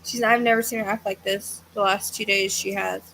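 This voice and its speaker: A woman's voice: medium pitch, flat delivery, brisk, vocal fry, bright, forceful tone, a little hiss or hum, poor audio. A woman hosting a psychic livestream, chatting casually in a tired, hesitant, rambling way with many fillers, yawning at times. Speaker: psychic medium livestream host. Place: at home with a fan running.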